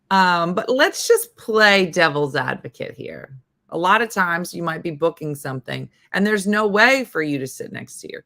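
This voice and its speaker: Middle-aged woman host, low voice with a bright edge, loose and chatty on a live stream. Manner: chatty, reacting to viewer comments. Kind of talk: casual live-stream chat.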